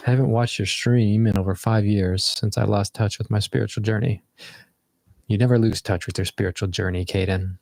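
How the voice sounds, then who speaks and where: Guy, lowish voice, dry close sound, rambling reflective stream host. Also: fairly even intonation, a little fast, gravelly, darkish tone, no room sound. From United States. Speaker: livestream host. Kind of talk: casual livestream chat.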